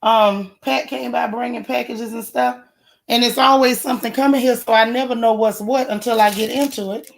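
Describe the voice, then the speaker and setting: A woman's voice: fairly high pitch, fairly even intonation, moderate pace, gravelly. Chatty woman with a slightly raised voice. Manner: chatty, greets viewers by name, colloquial. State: slightly hoarse, voice recovering. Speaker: livestream host. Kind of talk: casual morning livestream chat greeting viewers.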